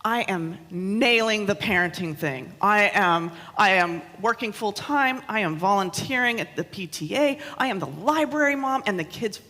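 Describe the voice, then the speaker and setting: Woman pastor in her thirties telling funny stories from the pulpit, bright voice, long hall echo. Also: mid-range voice, animated, moderate pace, hardly any pauses. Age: 30s. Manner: chatty and self-mocking, laughing often. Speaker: minister. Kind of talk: sermon with personal stories. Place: church hall.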